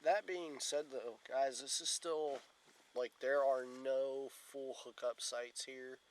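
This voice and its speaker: A man's voice: mid-range voice, fairly even intonation, slow, rough recording. A tired man talking casually to the camera from his tent at a campsite, rambling and yawning. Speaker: outdoors vlogger. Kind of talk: casual solo camping vlog.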